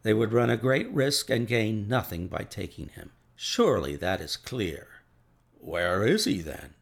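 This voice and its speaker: A man reading Sherlock Holmes, crisp and reasoning. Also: lowish voice, big pitch swings, a little slow, full character voice. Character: brisk, keen-minded male detective. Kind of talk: storybook reading.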